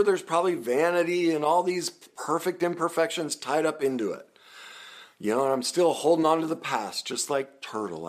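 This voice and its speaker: A man talking through a casual monologue as a podcast host and recovery coach. He laughs and acts out quoted comments, then turns calm and earnest. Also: on the high side.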